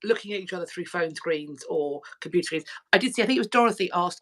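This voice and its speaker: A woman's voice: lowish voice, animated, fast. A woman hosting a casual livestream through her phone, talking in rambling, self-correcting runs. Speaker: YouTube channel host.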